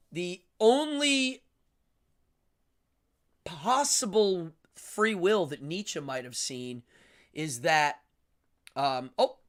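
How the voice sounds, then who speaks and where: A man's voice: sits high, a bit bright. A man with an English accent hosting a livestream, rambling enthusiastically about philosophy with many ums. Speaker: livestream host. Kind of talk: casual philosophical monologue.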